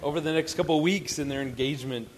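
A man telling a family story as a marriage speaker to a live audience, animated and joking, asking the audience questions. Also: on the high side, fast talker, crowd noise.

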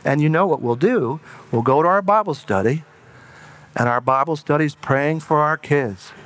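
A man preaching a sermon in an earnest way, slowing down and dropping to a hush for emphasis. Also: on the high side.

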